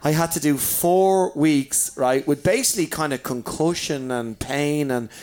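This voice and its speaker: Animated Irish man telling tales. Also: a little high, measured pace. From Ireland. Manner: animated, swearing, laughing through stories. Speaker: comedian guest. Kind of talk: casual anecdote telling.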